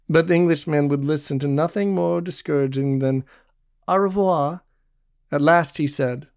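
A man narrating a novel in a steady, measured storytelling read. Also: a little high, no echo, studio quality. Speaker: audiobook narrator.

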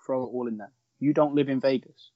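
A man's voice: mid-range voice, fairly even intonation, fast, muffled recording, slight background noise. A man co-hosting a casual, joking film podcast, swearing often. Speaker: podcast co-host.

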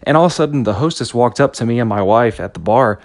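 A man's voice: medium pitch, expressive, fast talker, no echo, clean studio sound. A man in his thirties giving a motivational talk, telling a personal story in an earnest, anecdotal way with frequent restarts.

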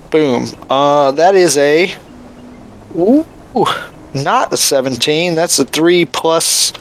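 A man's voice: a little high, lively intonation, slow. A man playing in a tabletop game, chatty and laughing often. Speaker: player. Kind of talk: casual tabletop game chat.

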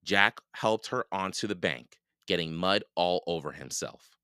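A man reading a children's book aloud for a podcast, slow and expressive. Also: deep voice, clear, resonant tone, no echo, clean studio sound. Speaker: podcast read-aloud host.

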